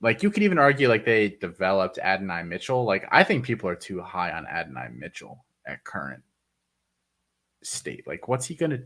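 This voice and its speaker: Deep-voiced blunt man talking football. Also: big pitch swings, moderate pace, a bit bright. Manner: blunt, emphatic, casual swearing. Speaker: podcast co-host. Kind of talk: casual sports chat.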